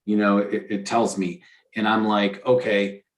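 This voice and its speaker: Rambling, excited podcast guy. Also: on the low side, a little slow. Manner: enthusiastic, rambling with restarts and fillers. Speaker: podcast co-host. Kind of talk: casual chat.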